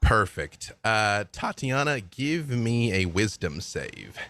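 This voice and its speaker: A man runs a tabletop game as dungeon master. He talks slowly in a fairly low voice with a bright, forceful tone. His narration is measured and descriptive. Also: big pitch swings.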